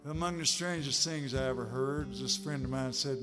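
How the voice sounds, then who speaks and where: A man on a concert stage, telling jokes between songs in a slow, laid-back storytelling way. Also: mid-range voice, music in the background. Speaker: singer-songwriter on stage. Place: music hall stage, live concert.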